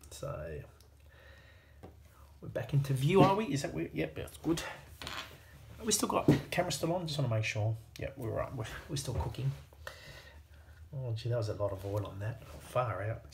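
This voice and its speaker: An Australian man keeps up a relaxed, self-deprecating running commentary as he works, often talking to himself. His voice sits at an ordinary middle pitch. The room is noticeably echoey, with a faint hum underneath. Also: gravelly. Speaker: hobbyist watchmaker. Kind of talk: casual running commentary while working.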